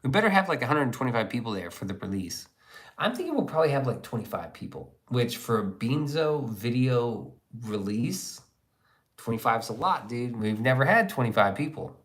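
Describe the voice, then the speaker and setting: A man's voice: mid-range voice, expressive, moderate pace. A man hosting a livestream, chatting casually, reading viewer comments and joking crudely. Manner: crude, joking, rambling banter. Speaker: livestream host.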